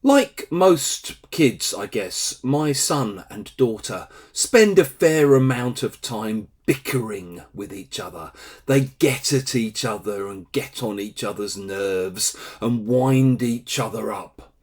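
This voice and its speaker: Lively, chatty male English teacher. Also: fairly low pitch, slow, breathy edge. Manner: lively, chatty, acts out little quoted scenes. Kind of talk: explaining a phrase to learners.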